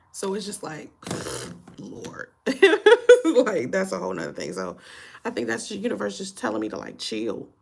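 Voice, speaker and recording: A woman's voice: fairly low pitch, gravelly, a little hiss or hum. A woman, a channel host telling a personal story in candid casual chat to camera, tired and full of fillers and swearing.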